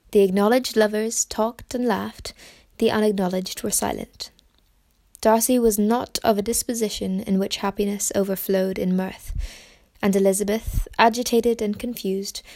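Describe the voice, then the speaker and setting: A woman reading a novel aloud as an audiobook narrator, in measured, clear storytelling. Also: medium pitch, darkish tone. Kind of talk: scripted narration.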